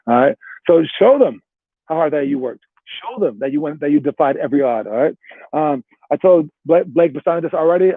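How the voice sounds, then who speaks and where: A man's voice: a little high, no echo. A man coaching basketball players, giving a rambling motivational talk full of "all right" and "like" before walking them through a drill. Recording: dry, tinny phone-like sound.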